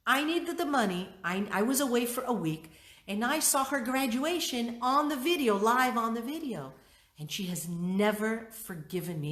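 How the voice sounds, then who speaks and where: A middle-aged woman leading a workshop, teaching and telling a personal story in an expressive way, acting out her own thoughts. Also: medium pitch. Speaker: workshop leader. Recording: roomy echo.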